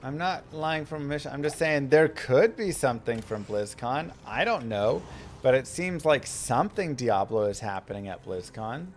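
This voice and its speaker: A man in his thirties casually commenting on his game for viewers, guiding them step by step in a relaxed way. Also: medium pitch, moderate pace. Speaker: game streamer. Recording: game music playing behind. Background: game music.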